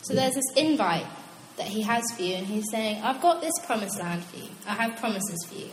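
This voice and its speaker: A young woman preaching a casual, animated sermon, chatty and quick to laugh at her own asides. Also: medium pitch, a little hiss or hum. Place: church hall. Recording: echoey hall with long reverb.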